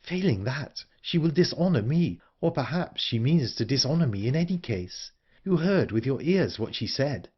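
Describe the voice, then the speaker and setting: A man's voice: mid-range voice, sing-song, moderate pace, breathy edge, dull audio, voice pushed up. A man voicing an earnest, anxious young woman in an audiobook, urgent and pleading. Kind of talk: audiobook character reading.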